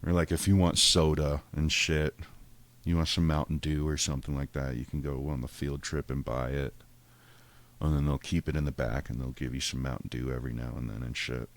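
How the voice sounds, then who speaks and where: A man with a very deep, low voice tells a rambling, profane story in casual podcast talk. He often acts out what others said in a raised voice. The sound is dry and close. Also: level tone, brisk, no room sound. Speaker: podcast host.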